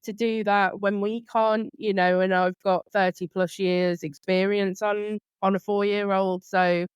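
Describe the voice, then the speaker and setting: A woman in her thirties hosts a relaxed podcast chat with a smooth, resonant voice. She talks candidly and pokes fun at herself. The sound is dry and close. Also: medium pitch, a little slow, no echo. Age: 30s. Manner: chatty, candid, self-deprecating. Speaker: podcast host. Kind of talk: casual conversational interview.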